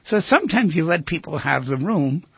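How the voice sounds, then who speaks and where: An older man hosting a radio advice show, talking in an animated way and acting out little scenes in other voices. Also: fairly high pitch, normal speed, vocal fry, breathy edge, no room sound, highs cut off.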